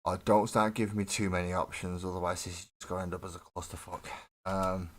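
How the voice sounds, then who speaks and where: A man's voice: low-pitched, level tone, fast. A man chatting casually on a live stream while he builds a miniature model, rambling, mocking himself and swearing freely. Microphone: desk webcam setup.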